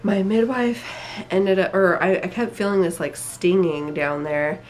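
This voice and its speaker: A young woman talks to camera in a loose, rambling vlog. Her voice sits a little low, and she sounds tired and emotional, with many fillers as she goes. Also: fairly even intonation, unhurried, darkish tone. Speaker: vlogger. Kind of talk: casual personal story.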